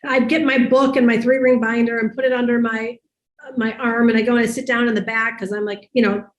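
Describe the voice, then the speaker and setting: A woman hosting a talk, speaking in an animated, emphatic, conversational way as she tells a story to an audience. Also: a little high, brisk. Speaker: host and life coach. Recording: roomy echo.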